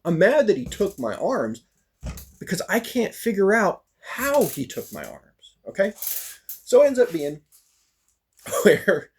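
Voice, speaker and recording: A man casually telling a personal story about a fighting practice, animated and full of fillers, acting out the lines of the people in it. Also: high voice, unhurried, pauses often, slightly rough. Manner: animated, acts out quoted lines, frequent fillers.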